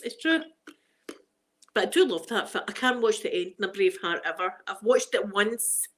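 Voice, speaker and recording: A woman's voice: medium pitch, expressive, normal speed, fairly bright tone. Chatty Scottish woman in her forties. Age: 40s. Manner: chatty, self-mocking, laughs often. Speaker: ASMR creator. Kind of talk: casual ASMR chat.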